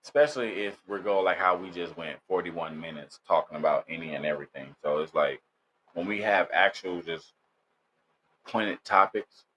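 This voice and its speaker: A man's voice: deep voice, moderate pace, a bit bright, slight background noise. A confident young man co-hosting a podcast in casual chat, speaking close into the mic. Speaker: podcast co-host.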